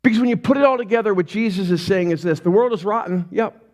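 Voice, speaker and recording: Lively high-voiced male pastor preaching. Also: quick pace. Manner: animated storytelling, acts out voices, rhetorical questions. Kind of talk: sermon. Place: church.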